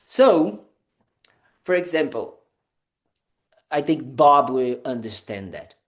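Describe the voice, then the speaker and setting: A Buddhist monk gives a casual dharma talk in a medium-pitched, sing-song voice at a slow pace. He's conversational and playful, full of "you know" fillers and restarts, acting out little scenes with "da, da, da."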